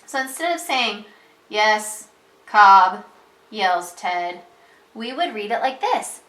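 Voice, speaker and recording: A woman teaching a reading lesson to preschoolers, patient and sing-song, bursting into excited exclamations when she reads. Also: medium pitch, takes it slowly, pauses often, reverberant. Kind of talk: reading lesson for young children.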